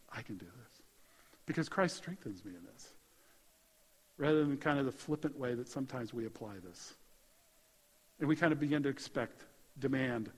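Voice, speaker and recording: A pastor preaching a sermon in a conversational, animated way, building to emphatic peaks. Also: male voice, mid-range voice, husky. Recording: hall reverb.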